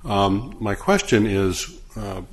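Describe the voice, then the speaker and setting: A man questioning a lawyer from the bench in a measured, deliberate way. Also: fairly low pitch, sing-song, slight background noise. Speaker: appellate judge. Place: courtroom.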